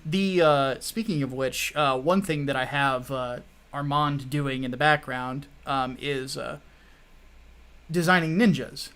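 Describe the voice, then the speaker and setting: A man co-hosting a casual show, talking about his comic project with relaxed pauses and fillers. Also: medium pitch, smooth. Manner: easygoing, hesitant fillers. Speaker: comic creator and co-host. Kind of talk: casual chat.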